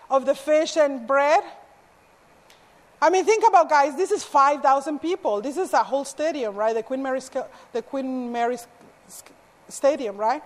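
Slow-spoken woman preaching in an echoey hall. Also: high voice. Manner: earnest storytelling with self-deprecating asides. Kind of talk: sermon with personal story.

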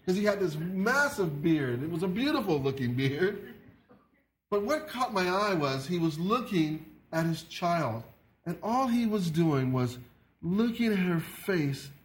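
A man preaching a sermon in an earnest, halting way, often repeating his words. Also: on the high side. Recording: echoey room.

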